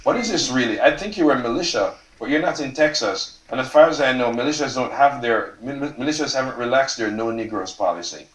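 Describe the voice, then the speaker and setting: A man's voice: mid-range voice, lively intonation, fairly quick, hardly any pauses, a bit bright, close to an everyday voice. An author reading the part of a sarcastic, prying American man who needles with pointed questions, in a roomy hall. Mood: needling. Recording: roomy hall, mic from far off.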